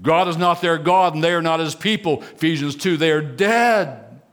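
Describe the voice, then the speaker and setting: Emphatic preacher man, higher voice. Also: moderate pace. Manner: emphatic, swings between soft asides and raised declarations. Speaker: pastor. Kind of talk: sermon.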